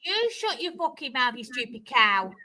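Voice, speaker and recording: High, sharp-voiced angry woman. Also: very animated, normal speed. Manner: angry, profane, defensive. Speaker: panel guest. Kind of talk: heated livestream argument.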